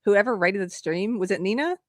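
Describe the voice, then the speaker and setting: A woman's voice: medium pitch, lively intonation, fairly quick, no room sound, clean studio sound. A woman hosting a live stream, chatting casually, laughing often and reading viewer messages aloud. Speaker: livestream host.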